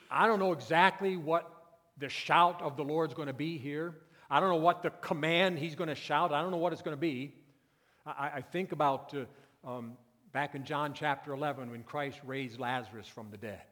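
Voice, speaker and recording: A male pastor preaching a sermon, moving from quiet, intimate passages to loud, emphatic peaks. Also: on the high side. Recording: long reverb of a church hall.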